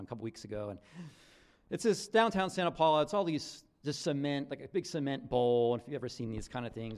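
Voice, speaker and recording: Animated conversational male pastor preaching. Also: mid-range voice. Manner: conversational and animated, many restarts and "right?" asides. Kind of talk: sermon.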